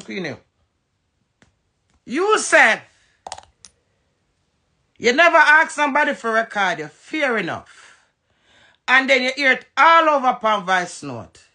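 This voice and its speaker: A Jamaican woman talks into her phone in a heated, profane rant that jumps quickly from point to point. Her voice sits high and gravelly, with a sharp, bright edge. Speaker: live-stream host. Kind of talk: ranting live stream.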